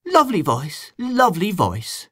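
A man's voice: high-pitched, wildly swooping pitch, unhurried, a bit bright, no echo, studio quality, pitched above the performer's own voice, exaggerated voice. A man voicing an anxious, fussing elderly aunt who is hosting a party. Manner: fretful, fussing.

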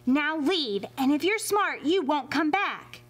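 A woman voicing a small, fretful lady servant who speaks in a shrill, urgent way. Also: expressive, fairly bright tone, faint music behind, heavily acted. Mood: alarmed. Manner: shrieking, high and hurried.

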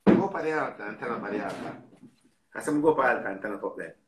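A man with a Jamaican accent telling a story in a casual, animated way, repeating words and swearing freely. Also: lowish voice, very fast, roomy sound, very noisy.

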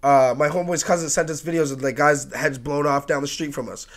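A man's voice: a little high, brisk. A man, a music producer, telling a rowdy story in a casual podcast chat, laughing and swearing as he goes. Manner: animated, profane, laughing storyteller.

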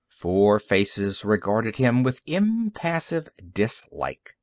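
A man narrating an audiobook story in an expressive, varied reading. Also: mid-range voice, measured pace, no echo, studio quality. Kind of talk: scripted narration.

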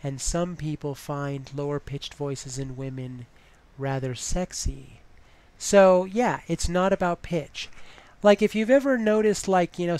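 A woman's voice: fairly low pitch, darkish tone. A woman giving advice in a casual vlog, chatty and full of "you know" fillers.

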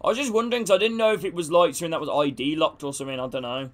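Racing along in a fairly high, bright voice, a young man streams a football video game. He says hello to his chat, fires up his teammates, and drops casual swears during live gameplay.

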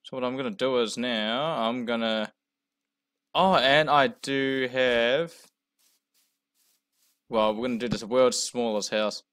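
A young man casually commenting on his own gameplay, jumpy and talking himself through his fear, going from quiet muttering to loud yells. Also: mid-range voice, fairly even intonation, takes it slowly, pauses often, clean tone. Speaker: gamer playing a first session. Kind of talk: casual let's-play commentary.

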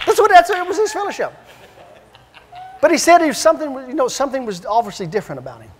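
A man evangelist preaching and telling stories in an animated, repetitive, emphatic way in a church. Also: very high voice, fast talker. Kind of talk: preaching with storytelling. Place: church sanctuary. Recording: long church-hall reverb.

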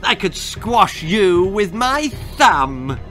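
A man's voice: very animated, drawn-out words, sharp tone, faint music behind, full character voice. A man voicing a shrieking spoiled little girl. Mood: gloating. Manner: howling, shrill screaming.

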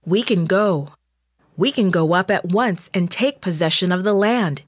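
A woman's voice: fairly low pitch, very animated, moderate pace, a little mellow, no room sound, clean studio sound. Caleb, a woman reading as an eager strong man. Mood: encouraging. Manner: firm, encouraging, emphatic. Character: strong, tall, eager male spy.

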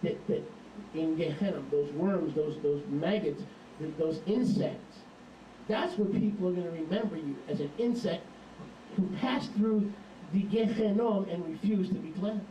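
A man preaching a sermon in an emphatic, animated storytelling manner, recorded from a distance in a hall. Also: high voice, unhurried, highs cut off, a little hiss or hum.

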